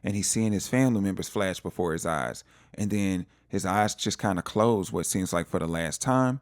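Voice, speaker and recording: A man recapping a TV episode in a casual, animated storytelling way, acting out the characters' lines. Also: sits low, normal speed, no room sound, clean studio sound. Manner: animated storytelling, acts out quotes. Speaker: TV recap vlogger.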